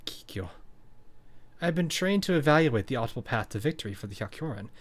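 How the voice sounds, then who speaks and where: A man voicing a cool, calculating teenage girl strategist, speaking in a measured, formal and quiet way. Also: mid-range voice, animated, lightly acted.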